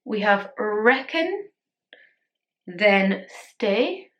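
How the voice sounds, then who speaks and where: A woman's voice: medium pitch, big pitch swings, drawn-out words, a bit bright, highs cut off. A tired woman chatting playfully through a casual makeup tutorial, poking fun at herself. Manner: chatty, playful, self-mocking. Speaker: beauty vlogger.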